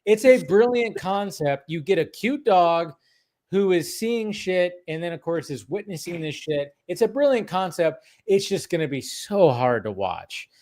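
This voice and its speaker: A man hosting a casual film chat, excitable and swearing freely. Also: high-pitched, measured pace. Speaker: podcast host.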